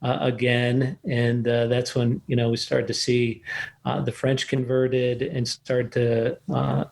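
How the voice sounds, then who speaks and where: Older man with a flat, halting delivery. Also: medium pitch, gravelly. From United States. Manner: halting, many fillers and restarts. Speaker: missionary church leader, interview guest. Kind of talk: casual interview storytelling.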